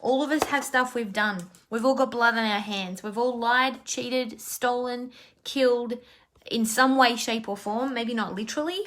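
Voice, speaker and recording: A woman's voice: fairly high pitch, a little slow, fairly bright tone, a little hiss or hum. A woman life coach talking live to her followers, heartfelt and rambling, with many fillers and restarts. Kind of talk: emotional live talk to followers.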